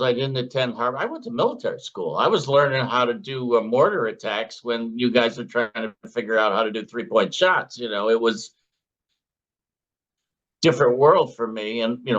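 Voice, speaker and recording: A man's voice: medium pitch, a bit bright. Older man from Chicago, chatty storyteller, dull sound. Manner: chatty anecdotal storyteller who acts out his own and others' quoted lines. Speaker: former silver floor trader, guest. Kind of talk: casual interview storytelling.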